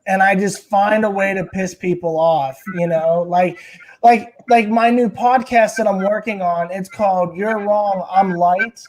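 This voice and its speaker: A man's voice: sits high, steady tone, measured pace, a little mellow. Rambling, profane male stand-up comic. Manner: rambling, profane, heavy on filler words. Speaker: podcast guest, stand-up comedian. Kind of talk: casual storytelling chat.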